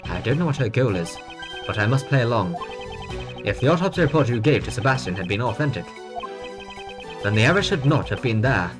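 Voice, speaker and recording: A woman voicing a stern, cool male prosecutor in a game, speaking low and measured. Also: animated, music in the background.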